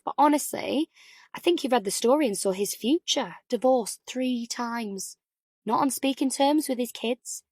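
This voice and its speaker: An audiobook figure: a full-on, gossipy mother who lilts upward as she talks, played by a woman narrator. Her chatter is effusive and a touch high. The recording is dry and close. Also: no room sound. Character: pushy, gossipy posh mother of three. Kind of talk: audiobook character voice.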